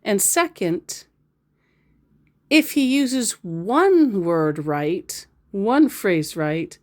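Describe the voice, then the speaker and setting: Sarcastic woman with a lively voice. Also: on the low side. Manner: sarcastic, wry asides. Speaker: scambaiting video host. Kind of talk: dry commentary on a scam chat.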